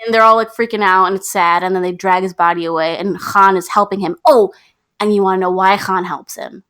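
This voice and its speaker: Animated young woman recapping a movie. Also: medium pitch, a little fast. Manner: animated storytelling, acts out characters' lines. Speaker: podcast co-host. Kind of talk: casual movie recap chat.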